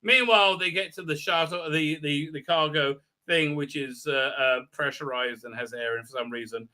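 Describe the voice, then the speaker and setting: A man's voice: a little high, normal speed, bright, forceful tone. A man hosting a live stream recap, talking crudely and rambling with many fillers and restarts. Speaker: live show host.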